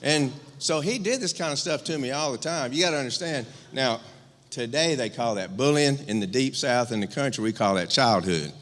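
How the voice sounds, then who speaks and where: There's a little hiss or hum behind this animated man's mid-range, slightly bright voice, which moves at a moderate pace. The middle-aged younger brother, from rural Georgia in the US South, eulogizes his older brother in a church sanctuary with frank, funny stories, many fillers, and restarts, echoing with long church reverb.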